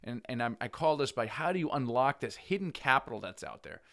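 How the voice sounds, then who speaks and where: A man teaching real estate investing straight to camera, persuasive and energetic, restarting phrases as he goes. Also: mid-range voice, a little fast. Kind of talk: direct-to-camera teaching talk.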